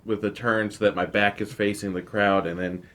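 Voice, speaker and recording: Low-voiced man playing a tabletop game. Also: level tone, fairly bright tone. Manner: halting, searching for words. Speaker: player. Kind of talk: casual tabletop game play.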